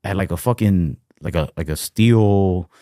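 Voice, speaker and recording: A young man with a lowish voice tells long, meandering anecdotes on a podcast, peppered with swearing and voiced quotes. The sound is close and dry, with no room around it. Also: a little slow, dry recording. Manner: rambling, profane, animated anecdotes with voiced quotes. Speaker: podcast co-host. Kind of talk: casual storytelling chat.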